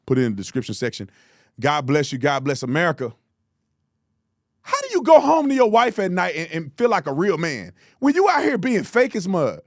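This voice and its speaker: A man hosting political commentary, talking in a blunt, mocking, animated way. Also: fairly high pitch, fairly quick, dry recording, studio quality. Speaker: host.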